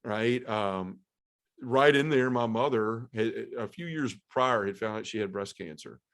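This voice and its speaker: A man sharing an emotional personal testimony as a podcast guest, earnest and halting, with many fillers. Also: mid-range voice, fairly bright tone. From Memphis area, US South.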